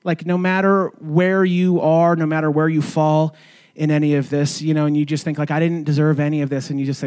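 A man preaching a sermon in a loose, conversational way, with many fillers and restarts, and going quiet and gentle as he leads into communion. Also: fairly high pitch, level tone, fairly quick, over music. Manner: conversational, fillers and restarts, softening to a hush near the end. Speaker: pastor.

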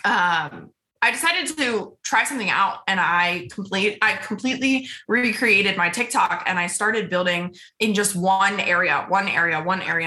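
A woman's voice: on the low side, pushed and bright. A young adult woman guest talking casually and eagerly in an interview, often repeating words for emphasis. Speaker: podcast guest.

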